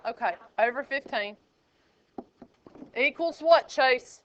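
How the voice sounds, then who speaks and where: A woman's voice: high-pitched, slow pace. A woman math teacher, teasing and joking with her students while working problems in a classroom. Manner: sassy, teasing and lively with students. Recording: dull lo-fi classroom recording.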